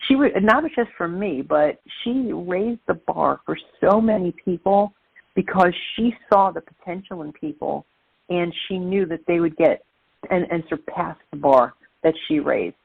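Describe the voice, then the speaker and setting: A middle-aged woman from Brooklyn, a guest telling lively stories in an interview. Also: on the low side, a little slow, gravelly, slightly rough, no room sound. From Brooklyn, New York. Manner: lively, animated storyteller. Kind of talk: interview storytelling. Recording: tinny phone-like line.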